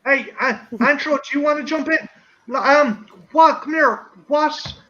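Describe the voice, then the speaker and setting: A man's voice: extremely high pitch, a little slow, pushed and bright. A man hosting a casual watch stream, joking and swearing a lot. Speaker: stream host. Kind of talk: casual chat. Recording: dull lo-fi sound with faint noise.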